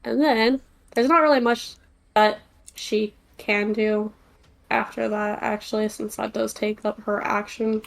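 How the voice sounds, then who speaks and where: Slow, hesitant woman playing a tabletop game. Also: medium pitch, steady tone, gravelly. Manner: hesitant, unhurried. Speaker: player.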